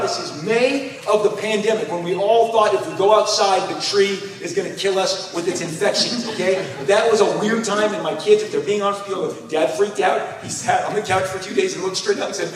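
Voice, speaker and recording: Animated man telling stories in an echoey hall. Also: sits high, a little fast, few pauses. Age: 50s. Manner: animated storyteller who acts out voices. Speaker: comic creator, panel guest. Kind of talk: convention panel talk. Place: large convention hall. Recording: echoey hall, speaker far from mic.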